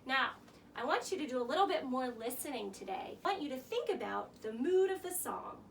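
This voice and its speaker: A woman teaching young children through song and story, with a gentle, coaxing sing-song manner. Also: sits high, expressive, brisk, vocal fry, distant mic, slight background noise.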